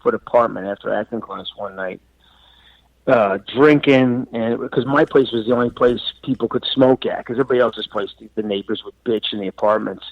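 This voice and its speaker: A man in his forties, a comedian and actor from New York and Florida, telling stories as a podcast guest. He acts out quoted lines loudly and swears freely. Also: mid-range voice, a little fast, creaky, no room sound. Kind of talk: casual podcast storytelling. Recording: dull, dry sound.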